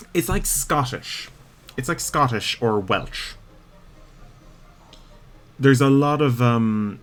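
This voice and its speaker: A young Irish man talks through his gameplay in a relaxed, rambling way, often breaking into laughter. His voice sits on the low side and he speaks at a slow, unhurried pace. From Ireland. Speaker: streamer. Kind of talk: casual gameplay chat.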